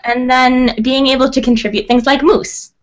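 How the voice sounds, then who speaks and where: A woman from Canada, a writer guest on a podcast, chatting casually in a bubbly, excitable way and laughing often. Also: sits high, moderate pace. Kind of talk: casual chat.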